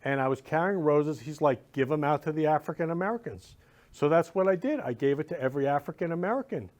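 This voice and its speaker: A man's voice: fairly high pitch, fast, darkish tone. A man hosting his own show, gushing and emotional, talking in a rambling way to his viewers. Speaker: host. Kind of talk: casual chat.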